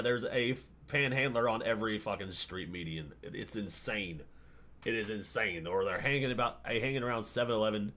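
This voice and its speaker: A man with a lowish voice chats on a stream. He swears freely, jokes crudely and keeps breaking into laughter. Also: fast, fairly bright tone. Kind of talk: casual chat.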